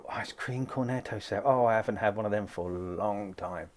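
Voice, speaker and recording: A man's voice: fairly low pitch, normal speed. A man hosting a live psychic stream, greeting viewers by name and chatting casually between asides.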